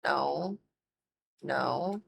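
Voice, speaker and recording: A woman's voice: low voice, extremely slow, vocal fry, background noise. A woman livestreaming a video game, chatting casually with dramatic, mock-emotional complaints and a lot of swearing. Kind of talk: casual gaming commentary.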